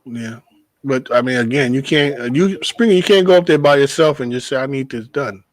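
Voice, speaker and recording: A man hosting a casual talk show, a bus driver telling stories in an animated, profane way. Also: mid-range voice, fairly quick, dry recording, poor audio. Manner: animated storytelling, swears freely, laughs. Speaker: podcast host, bus driver. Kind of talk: casual chat.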